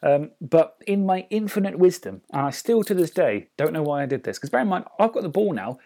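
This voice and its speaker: A man's voice: on the high side, fairly quick. A man co-hosting a podcast, casually retelling a tabletop game match and acting out his own thoughts. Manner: lively storytelling, acts out his own thoughts. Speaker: podcast co-host.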